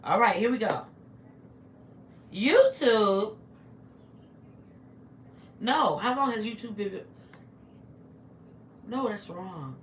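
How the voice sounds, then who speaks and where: On her home livestream, a middle-aged woman eats and chats casually with viewers, pausing often at a measured pace. Her medium-pitched voice is expressive and fairly bright. Her phone picks up room echo and faint noise.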